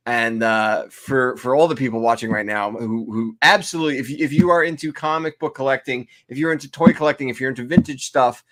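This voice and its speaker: A man's voice: medium pitch, a little fast, hardly any pauses, a bit bright. A man co-hosting a casual podcast chat, an enthusiastic interviewer who gives promotional plugs. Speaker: co-host.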